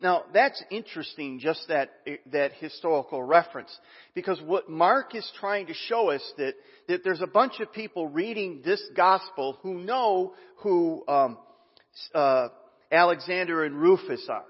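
A man preaching a sermon as pastor, reading scripture aloud with asides and some halting restarts. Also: on the high side, animated, husky. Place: church sanctuary. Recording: muffled, long hall reverb.

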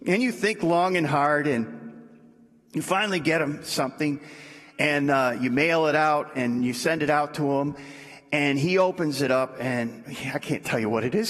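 A man preaching a sermon in a conversational way, dropping low and soft to make his points. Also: normal speed. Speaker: pastor. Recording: echoey hall.

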